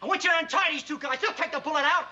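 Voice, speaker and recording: An actor playing a wounded, bossy gangster in a 1960s sitcom, with a curt, sneering delivery. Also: male voice, very high voice, rapid-fire. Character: wounded tough male gangster, bossy and sarcastic. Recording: dull 1960s TV audio, hiss, laugh track.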